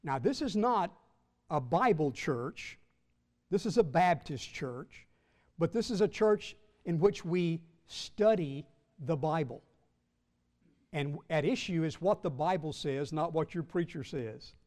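A man, a Baptist pastor, teaching the Bible to his congregation in church, measured and emphatic, slowing and rising when he reads scripture. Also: on the high side, lively intonation, darkish tone, big-room sound.

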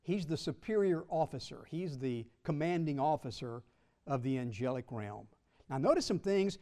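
A man preaching a sermon with emphatic, drawn-out stresses, swinging between loud bursts and soft asides, and teasing his listeners now and then. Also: fairly high pitch, lively intonation.

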